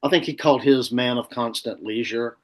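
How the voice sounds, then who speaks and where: A man hosting a casual podcast chat, teasing his friend and pausing on drawn-out fillers. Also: medium pitch, a bit bright. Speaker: podcast host.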